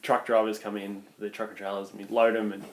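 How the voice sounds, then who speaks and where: A man's voice: fairly low pitch, flat delivery, fast. A man with an Australian accent co-hosting a podcast, telling rambling stories in a casual, swearing way. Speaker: podcast co-host. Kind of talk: casual chat.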